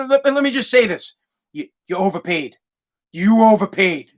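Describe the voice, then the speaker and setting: A man's voice: high-pitched, fairly bright tone. A man in his thirties hosting a podcast, ranting in a worked-up, profane, repetitive way with many restarts. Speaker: podcast host. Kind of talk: comedic ranting monologue.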